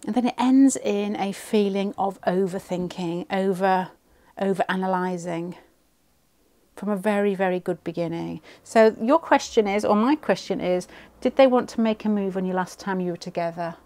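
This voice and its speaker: Woman, tarot reader, pick-a-card reading, rambling, thinking out loud, mid-range voice, at home. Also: medium pitch, normal speed. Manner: thinking aloud, rambling with restarts.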